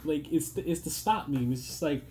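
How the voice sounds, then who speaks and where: A man's voice: fairly high pitch, normal speed, dark tone, a little hiss or hum. A tired man hosting a reaction video, rambling in an exasperated, stammering way and swearing often. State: tired, strained voice. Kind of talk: casual rambling commentary.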